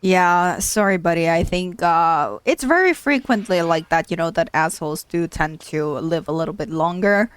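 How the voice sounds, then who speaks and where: A woman's voice: on the low side, normal speed, few pauses, clear, resonant tone, no echo. A woman hosting a let's play who gives casual, chatty commentary and repeats exclamations when something startles her.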